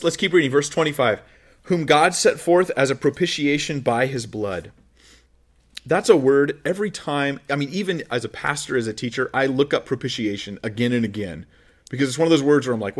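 A male pastor giving a conversational sermon with joking asides, acting out the voices he quotes. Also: mid-range voice.

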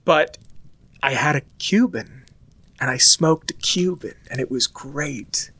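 A man's voice: a little high, slow pace, bright, forceful tone, breathy edge, no room sound. A young American man in casual, rambling monologue, talking chattily with lots of filler words. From United States.

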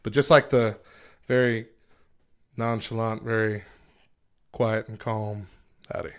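A man's voice: on the low side, level tone, slow, clean tone. A man co-hosting a podcast in casual chat, playful and self-mocking, laughing often. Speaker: podcast co-host.

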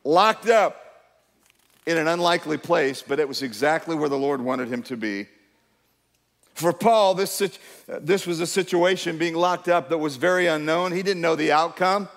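A middle-aged male pastor preaches in a church sanctuary, where a long reverb trails his voice. He sits a little higher in pitch than most men. His delivery is emphatic, and he keeps urging the listeners to answer him. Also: moderate pace. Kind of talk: sermon.

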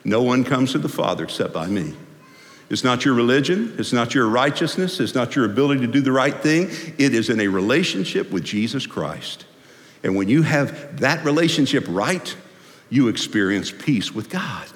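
A man preaching a sermon as pastor, folksy and animated, swinging from loud to hushed. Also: medium pitch, moderate pace. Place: church sanctuary. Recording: long hall reverb.

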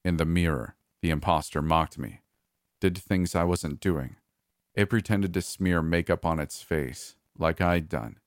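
A man narrating a horror story in a calm, measured way. His voice is extremely deep and his pace slow and deliberate, recorded dry and close. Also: no echo. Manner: measured, calm first-person telling.

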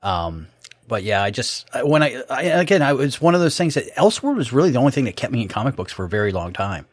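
A middle-aged man chatting casually over a video call, halting and rambling with many fillers. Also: mid-range voice, big pitch swings, dry recording, clean studio sound. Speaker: co-host. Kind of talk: casual chat.

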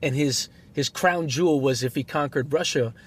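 A man co-hosting a casual podcast conversation, an animated storyteller who acts out the people he quotes. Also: a little high, moderate pace, slight background noise. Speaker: podcast co-host, basketball referee.

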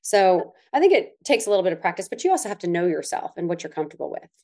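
Middle-aged woman, lowish voice, earnest co-host explaining tips conversationally. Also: sing-song, mellow. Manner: earnest, explanatory, slows to stress key words. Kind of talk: casual advice chat.

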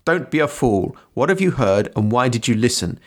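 A man's voice: medium pitch, very animated, moderate pace. A man doing a stern old wizard. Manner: grim, curt, commanding. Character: stern old male wizard, grim and commanding.

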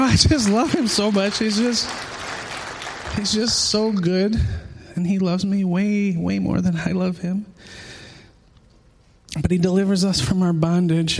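A man in his thirties preaching a sermon, earnest and emotional, mixing personal testimony with scripture in a conversational way. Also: sits high. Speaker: pastor.

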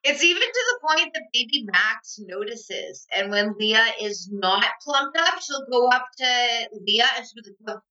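Woman co-host, casual chat, lively and teasing, bright voice, dull recording. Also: fairly high pitch, unhurried, hardly any pauses. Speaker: podcast co-host.

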